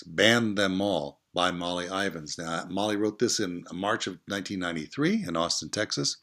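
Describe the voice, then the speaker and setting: A man's voice: fairly low pitch, a bit bright. A middle-aged man teacher giving a recorded lecture on an essay, conversational and emphatic, with asides.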